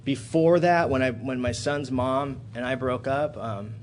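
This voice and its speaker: A man giving a personal recovery talk at a convention in a hotel room. He swears freely and tells his story dramatically, swinging from loud excited bursts to low, quiet passages. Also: unhurried, slight background noise. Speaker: AA speaker.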